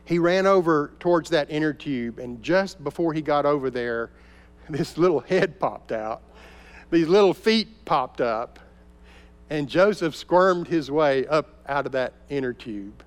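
Pastor preaching in a reverberant hall. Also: male voice, a little high, animated, unhurried, clean tone. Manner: storytelling, dropping to soft intense tones. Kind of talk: sermon. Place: church sanctuary. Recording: long reverb of a large hall.

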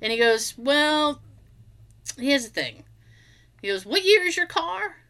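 A woman in casual chat, telling an everyday story in an animated way, acting out both sides of the dialogue and swearing freely. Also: high voice, slow pace.

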